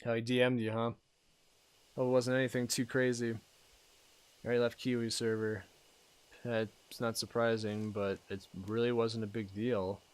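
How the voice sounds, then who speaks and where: A man's voice: medium pitch, flat delivery, moderate pace, long pauses, clear, resonant tone, no room sound. A man casually commentating while he plays a game, joking, swearing and reading the game's text aloud. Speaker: let's play host.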